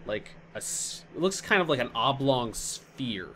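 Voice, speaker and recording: Bright-voiced male dungeon master. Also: mid-range voice, very animated, unhurried, slight background noise. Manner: rambling, restarts often, searches for words. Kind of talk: narrating a tabletop game.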